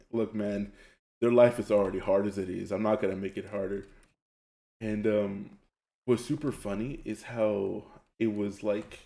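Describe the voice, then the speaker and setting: A man streaming live, telling stories in a loud, excitable way and laughing often as he reads chat. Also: fairly low pitch, gravelly, reverberant. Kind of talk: casual storytelling while gaming on a live stream.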